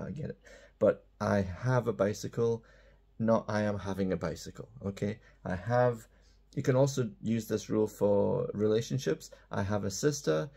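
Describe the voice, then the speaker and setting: A man's voice: lowish voice, vocal fry, mellow, husky. A man teaching an English grammar lesson, explaining tenses and often checking in with "okay?".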